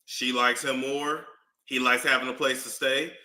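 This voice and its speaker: A man with a New York accent giving casual gossip commentary, animated and drawn out, often repeating himself. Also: medium pitch, normal speed, slight background noise. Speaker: commentary streamer. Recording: echoey room.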